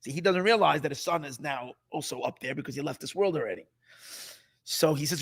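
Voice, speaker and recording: A rabbi with a high voice tells his listeners a dramatic story as part of a sermon, speaking a little fast with some creak. He is animated, repeating himself as he builds the scene, dropping in Yiddish words and restarting sentences.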